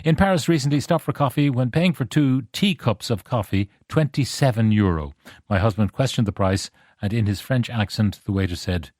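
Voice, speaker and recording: A man's voice: mid-range voice, moderate pace, a little mellow, no echo, clean studio sound. A middle-aged man from Ireland hosting a radio show, reading out listener messages with wry, conversational asides. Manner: wry, conversational, reads texts aloud with emphasis.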